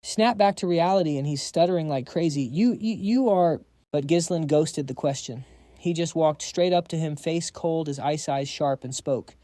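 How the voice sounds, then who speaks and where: A man narrating a comic recap in a casual, slangy way. His voice is fairly high but dark and mellow. The recording is close and dry. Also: moderate pace, dry recording. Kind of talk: scripted narration.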